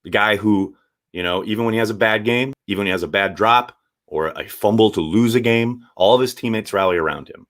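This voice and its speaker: A man hosting a casual live stream, reading viewer chat and giving blunt, animated takes with the odd swear. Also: on the low side, a little fast. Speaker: sports show host reading viewer chat.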